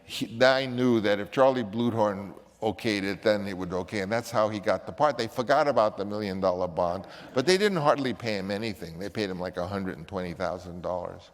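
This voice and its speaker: An older man telling stories from his directing career in a loose, rambling way. His voice sits somewhat low. The room adds a long, hanging reverb. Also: fairly quick, hardly any pauses. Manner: rambling, with many restarts and acted quotes. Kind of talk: casual anecdote.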